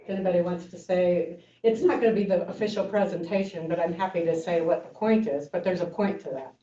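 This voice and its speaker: An older woman giving an informal talk as a Zen teacher, speaking haltingly with many fillers and restarts. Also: mellow. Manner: acts out story voices with lifted pitch. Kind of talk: informal lecture. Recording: echoey room, mic far off, dull sound.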